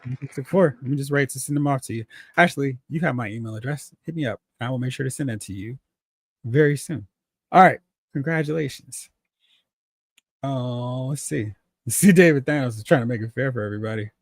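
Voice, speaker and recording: A man's voice: mid-range voice, a little fast, no room sound, studio quality. A man hosting a casual toy-collecting livestream, reading chat comments aloud, laughing often and acting out exclamations.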